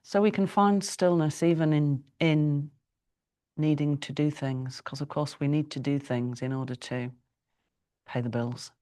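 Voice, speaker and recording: Low-voiced woman leading yoga, slow calm breath cues, lots of pauses. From United Kingdom. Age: middle-aged. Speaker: yoga teacher. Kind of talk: guided yoga class instruction.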